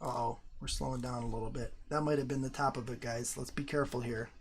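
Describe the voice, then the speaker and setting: A man hosting a casual livestream from home, talking excitedly and swearing often as he thinks out loud. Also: mid-range voice, fast talker, a little hiss or hum. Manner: profane, excitable, thinks aloud. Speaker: livestream host.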